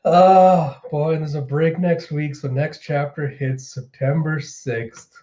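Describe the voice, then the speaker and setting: A man giving casual, excitable reaction commentary as a manga reviewer, laughing often. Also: a little high, slow pace. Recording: slightly muffled lo-fi recording.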